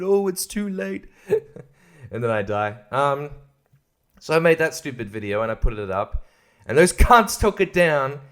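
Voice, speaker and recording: A man's voice: mid-range voice, fairly bright tone. A man hosting his own podcast, ranting angrily and profanely, with mocking quoted voices. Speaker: podcast host. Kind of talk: angry comedic rant.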